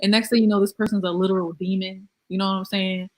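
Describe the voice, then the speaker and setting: A woman's voice: medium pitch, little pitch movement, quick pace, darkish tone. A woman with a mid-range voice hosts a casual chat. She tells her stories animatedly and acts out the lines of the people she quotes. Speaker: YouTube host.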